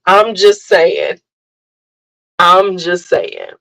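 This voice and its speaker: A woman hosting a casual livestream, telling animated family stories, laughing often and greeting viewers by name. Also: lowish voice, extremely slow, gravelly, poor audio. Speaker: livestream host chatting with viewers. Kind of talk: casual chat.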